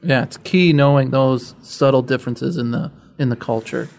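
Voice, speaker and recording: A man's voice: mid-range voice, normal speed, vocal fry, darkish tone. A man hosting an interview, adding brief, agreeing remarks. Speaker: interview host. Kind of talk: casual interview chat.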